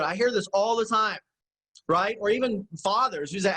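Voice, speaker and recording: A man's voice: high-pitched, normal speed, pushed and bright, rough recording. A middle-aged man giving a motivational business teaching talk, emphatic and repetitive, often checking in with his listeners. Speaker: business coach.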